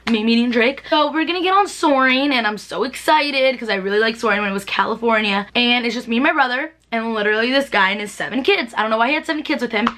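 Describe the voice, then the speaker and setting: A woman's voice: fairly high pitch, fast talker, few pauses, fairly bright tone. A young adult woman telling storytime anecdotes in a chatty vlog, laughing often and filling her talk with "like". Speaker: vlogger.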